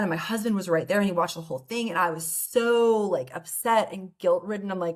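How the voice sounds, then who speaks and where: Woman psychologist guest, earnest casual interview talk, middle pitch. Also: brisk. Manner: earnest, frequent "like" and "right?".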